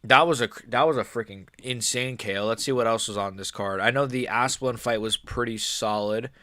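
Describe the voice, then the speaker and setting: A man giving casual live-stream commentary as an MMA YouTuber, rambling and excitable, often restarting his sentences. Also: medium pitch, fairly quick, dry recording, studio quality.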